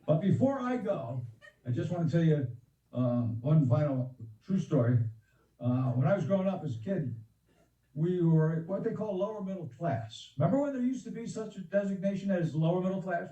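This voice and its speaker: A man's voice: sits high, warm tone, echoey room, recorded from a distance, rough recording. An older man doing stand-up over a video call, rambling and chuckling at his own jokes. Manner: rambling, laughs at his own jokes, acts out voices in a joke. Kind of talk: stand-up joke telling.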